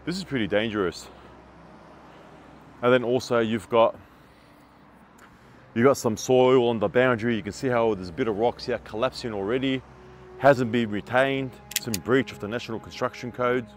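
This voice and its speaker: A man's voice: medium pitch, steady tone, moderate pace, long pauses, a little hiss or hum. A man touring a building site, pointing out defects in a blunt, exasperated, chatty way. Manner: blunt, exasperated, laughing at shoddy work. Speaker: building inspector. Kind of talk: walkthrough site inspection vlog.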